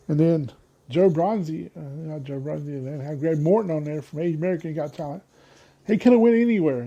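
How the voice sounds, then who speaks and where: A man hosting his own podcast alone, chatting casually and drifting from thought to thought. His voice is gravelly, sits a touch high for a man, and has a dark, mellow tone. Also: dull audio. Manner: rambling, loses his train of thought. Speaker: podcast host. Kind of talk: casual solo podcast talk.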